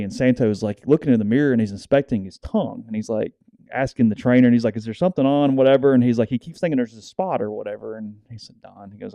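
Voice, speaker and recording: A Southern US man co-hosts a sports podcast in easy, rambling chat, acting out the people in his stories. His voice sits low and mellow. The sound is dry and close. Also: no room sound, lo-fi sound. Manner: rambling storyteller, acts out quotes. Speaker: podcast co-host.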